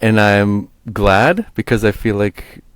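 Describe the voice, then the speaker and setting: Man, low voice, dry close sound, interview guest, rambling, lots of fillers, a bit tired. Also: slow pace, clear, resonant tone, no echo. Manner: rambling, many fillers, animated asides. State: slightly tired. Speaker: musician guest. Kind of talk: casual interview chat.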